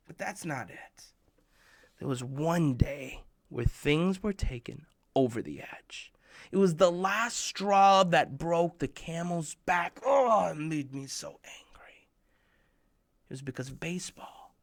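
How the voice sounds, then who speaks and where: A man's voice: high voice, expressive, normal speed, a bit bright. A man giving a playful, joking sermon for children, telling stories in a conversational way. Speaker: children's khutbah presenter. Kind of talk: playful storytelling sermon for kids.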